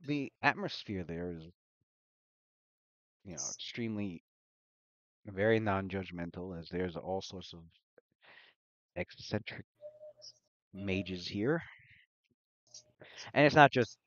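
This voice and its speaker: A man narrating as game master of a tabletop game on a livestream, talking in a halting way with frequent restarts. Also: low-pitched, dry recording, lo-fi sound. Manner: halting, full of fillers and restarts.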